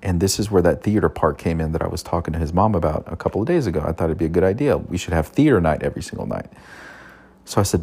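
A man's voice: deep voice, animated, quick pace, creaky, slightly rough. A father telling a personal parenting story in an earnest way, often repeating and restarting his phrases. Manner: earnest, repeats himself, soft quoted asides. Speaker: father giving parenting advice.

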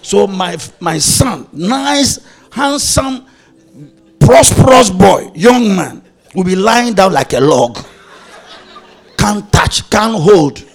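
A male pastor tells anecdotes in a playful sermon, often breaking into laughter. His voice sits high and swings widely, with a husky, gravelly texture. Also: slow. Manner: animated, playful, laughing preacher telling anecdotes. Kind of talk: storytelling sermon.

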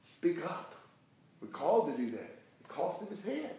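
A man's voice: high voice, huge pitch swings, moderate pace, warm tone. Emphatic preacher man, echoey room. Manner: emphatic, repetitive, preacherly cadence. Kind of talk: Bible teaching on a talk show.

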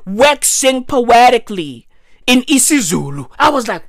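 A woman rants in a comic monologue, swearing freely and peppering it with slang. Her voice sits high and leaps wildly between notes, and she takes her time with each line. The sound is dry and close. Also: a little slow, no echo. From South Africa. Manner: animated, profane, repeats "bruv" and "right?". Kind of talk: profane satirical rant.

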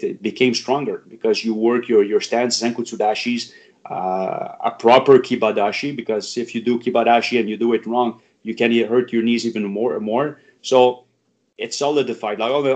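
A man from Quebec chats as an interview guest, mid-pitched and halting. He restarts often and fills pauses as he tells stories. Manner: halting, many restarts and fillers. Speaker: guest, karate teacher. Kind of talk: casual interview chat.

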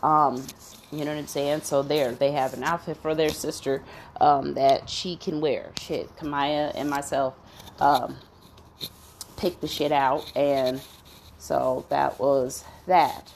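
A woman's voice: low voice, fairly even intonation, slow pace, gravelly, darkish tone, slight background noise. A woman ranting bluntly, swearing constantly and asking "you know what I'm saying?" between fired-up, indignant complaints. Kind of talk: profane venting rant.

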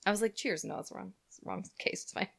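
A woman's voice: mid-range voice, big pitch swings, quick pace, creaky, husky. A woman co-hosting a podcast, telling a story in chatty, giggly casual talk. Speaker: podcast co-host.

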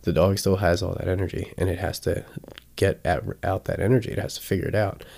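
A man's voice: low voice, little pitch movement, quick pace, gravelly, a little mellow. A man teaching dog training in a casual, chatty way, often checking in with his listeners and acting out his examples. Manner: acts out examples with sudden bursts.

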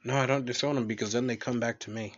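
A young man trades crude, dark jokes in loose podcast banter, swearing as he goes. His pitch sits right in the middle, and the recording sounds dull and lo-fi. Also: steady tone, quick pace. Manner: profane, joking storyteller with dark humor. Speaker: podcast co-host. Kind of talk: explicit casual chat.

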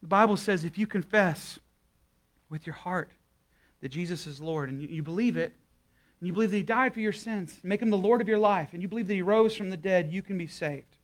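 Speaking a little fast in a voice that sits high, a young man preaches as a guest pastor before a live church congregation. His tone is folksy and chatty; he recounts a story, then guides a prayer.

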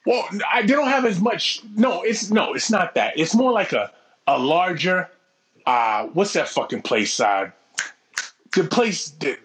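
Profane, animated man telling stories. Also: high voice, unhurried. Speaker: podcast co-host. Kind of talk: casual storytelling chat.

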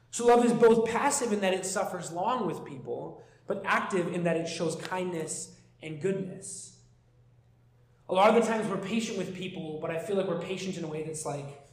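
Canadian guy in his 30s giving a sermon, chatty with little asides, high-ish voice. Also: darkish tone. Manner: conversational preaching with asides and slowed scripture reading. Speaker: pastor. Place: church hall. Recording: echoey church room.

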